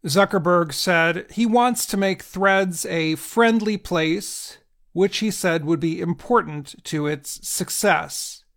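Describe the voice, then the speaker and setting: Slow, gravelly man reading news. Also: high voice. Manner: deliberate, evenly paced delivery. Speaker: news reader.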